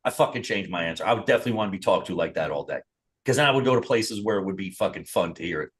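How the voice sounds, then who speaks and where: Speaking low and rapid-fire, this man co-hosts a podcast in a loose, chatty style. Expect lots of swearing, animated energy, and frequent mock voices.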